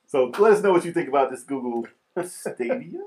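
Lively, teasing male podcast co-host. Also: a little high, fairly quick. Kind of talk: casual chat.

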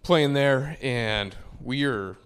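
A man, a tour caddie, telling a story in a relaxed, rambling way and correcting himself as he goes. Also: medium pitch, drawn-out words, smooth. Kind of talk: casual storytelling.

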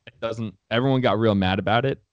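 A man's voice: fairly low pitch, fast talker, no echo, dull audio. A young man co-hosting a casual sports podcast, blunt and opinionated and swearing freely.

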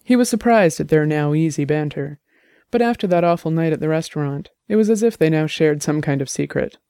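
Man narrating an audiobook, mellow and smooth. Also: a little high, fairly quick, no echo, studio quality. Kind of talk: scripted narration.

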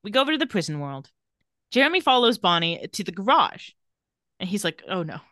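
Bright-voiced woman recapping a show. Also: mid-range voice, sing-song, brisk, no echo, clean studio sound. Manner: narrates scenes, quoting characters. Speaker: podcast co-host. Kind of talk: casual recap chat.

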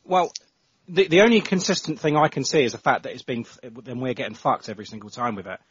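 A man's voice: mid-range voice, fast talker, husky, no echo. A man co-hosting a casual football podcast, ranting in exasperation and swearing often. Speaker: podcast co-host. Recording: dull lo-fi podcast audio.

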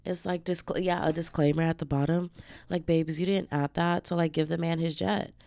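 A woman's voice: on the low side, fairly even intonation, brisk, gravelly, mellow, dry recording. A woman hosting her own podcast while sick with the flu, chatting casually in a slangy, profane way and calling her listeners babes. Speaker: podcast host. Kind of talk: casual solo podcast chat.

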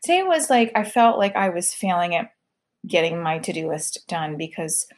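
A woman's voice: fairly low pitch, sing-song, normal speed. A woman hosting her own podcast and livestream, chatting casually and confessionally, rambling with lots of "like" as she talks. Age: adult mother of a school-age child. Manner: rambling and chatty, heavy use of "like".

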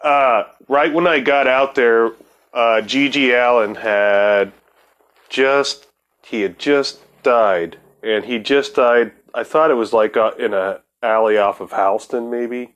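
A man's voice: medium pitch, fairly even intonation, slow, fairly bright tone, clear, resonant tone. A man hosting a casual podcast chat, laid-back, who swears casually and laughs often. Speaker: podcast host.

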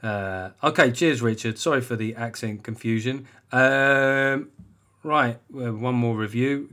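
A middle-aged English comedian talks straight into the mic, rambling and sardonic, with swearing dropped in casually. His voice sits at an ordinary male pitch, with restarts and asides throughout. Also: unhurried, pushed and bright. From England. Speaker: comedian podcast host. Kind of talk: casual monologue.

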